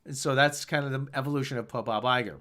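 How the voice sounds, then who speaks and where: A man's voice: mid-range voice, steady tone, quick pace, pushed and bright. A man hosting a casual live stream, rambling and answering the chat.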